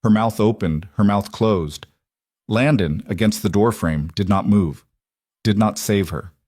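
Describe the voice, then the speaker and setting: Low-voiced male story narrator. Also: unhurried, darkish tone, dry recording, clean studio sound. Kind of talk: scripted narration.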